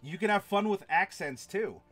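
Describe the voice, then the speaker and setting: A man game master talks casually through a lesson on building villains, chatty and quick to laugh, with lots of fillers and restarts. His voice sits somewhat high, and faint music plays in the background. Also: animated, a bit bright. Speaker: game master and streamer teaching villain creation. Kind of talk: casual instructional talk to a live chat.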